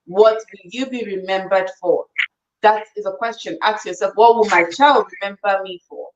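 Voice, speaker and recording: A woman's voice: medium pitch, steady tone, moderate pace. A woman hosts a live online talk show. She keeps thanking and blessing her guest in an effusive way. Her recording sounds slightly dull and lo-fi. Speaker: host.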